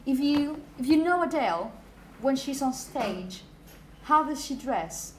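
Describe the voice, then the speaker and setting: A woman's voice: sits high, expressive, a little slow, a little hiss or hum. A woman teaching a phonetics class in a classroom, chatty and apologetic, putting questions to her students. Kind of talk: classroom lecture.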